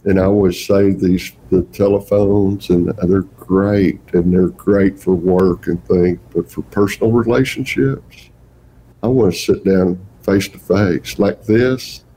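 A man's voice: sits low, steady tone, takes it slowly, mellow, a little hiss or hum, poor audio. An older man with a Texan accent, a guest telling folksy, rambling stories in a casual interview. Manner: folksy, rambling storyteller with chuckles. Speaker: guest Santa performer.

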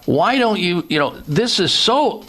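A man hosting a radio talk show in an emphatic way, pushing his pitch up hard on key words and cutting in to make his own points. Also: big pitch swings, measured pace, bright, forceful tone, husky.

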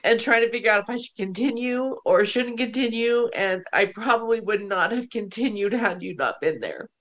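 A woman's voice: on the high side, moderate pace, fairly bright tone. A middle-aged woman hosting a show, telling a personal story in casual conversation, emotional and laughing at times. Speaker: podcast host.

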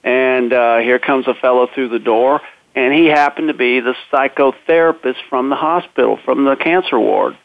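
Gravelly man telling his story over a tinny line. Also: mid-range voice, normal speed, no room sound. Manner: earnest and plain-spoken, with frequent fillers and restarts. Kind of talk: personal storytelling. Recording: dry, narrow phone-like sound.

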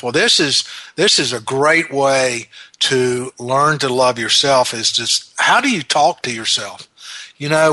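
A man hosts a self-help show and gives an earnest motivational talk. His voice is bright and forward. The sound is dry and close, and he slowly repeats each affirmation for emphasis. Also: medium pitch, dry recording.

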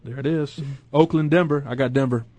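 Laid-back male sports radio host, mid-pitched, joking and easygoing. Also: darkish tone, dry recording. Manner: easygoing, joking, quick to laugh. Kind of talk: casual sports talk radio.

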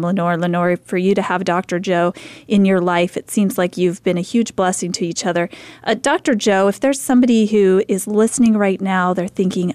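A woman's voice: medium pitch, a little mellow, no echo. A woman hosting a talk show, who encourages her guests and wraps up with short affirmations. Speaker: radio show host.

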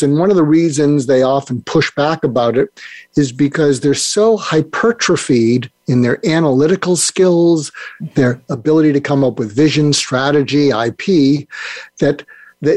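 A man's voice: on the high side, darkish tone, dry recording. An older man speaking as a guest on a podcast interview, rambling and restarting his sentences often. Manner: rambling, with many restarts and fillers. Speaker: guest expert.

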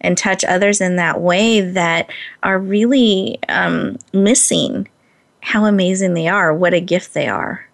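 A woman's voice: fairly low pitch, unhurried, gravelly. A woman hosting an interview podcast, gushing and enthusiastic, laughing often. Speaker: podcast host.

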